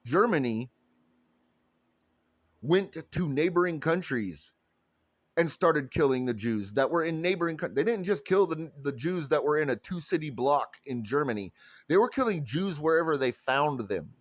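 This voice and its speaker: A man's voice: a little high, animated, normal speed, no room sound. A man delivering a heated, profane political rant straight to his audience. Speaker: political commentator. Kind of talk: ranting monologue to camera.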